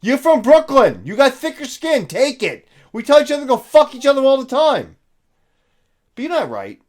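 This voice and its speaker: A man's voice: very high-pitched, wildly swooping pitch, moderate pace, a little mellow. A middle-aged man giving blunt, profane reaction commentary in a lecturing tone.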